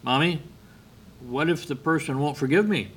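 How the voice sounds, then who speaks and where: A man's voice: a little high, normal speed, husky, pitched above the performer's own voice. A man voicing an anxious, honest six-year-old girl in a sermon story, speaking earnestly. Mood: worried, confessing.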